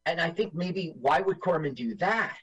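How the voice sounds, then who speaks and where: A man with a lively, bouncing delivery and a slightly husky voice, joking his way through a casual movie-watching chat as co-host. His pitch sits a bit high for a man. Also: normal speed, low-quality recording. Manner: animated, jokey, mimics lines in silly voices. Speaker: podcast co-host.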